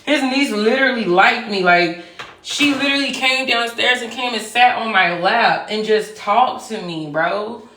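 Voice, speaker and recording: A woman venting on a casual livestream, rambling and emotional, at times breaking into loud outbursts. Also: on the high side, unhurried. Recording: roomy sound, far from the mic.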